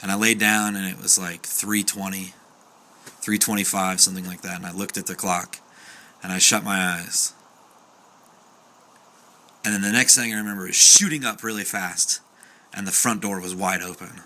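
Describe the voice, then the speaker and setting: A young man tells a story in a relaxed, chatty way. His voice is low but very bright, and he slips into the voices of the people he quotes, padding his sentences with fillers. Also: normal speed, long pauses. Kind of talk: casual spoken storytelling.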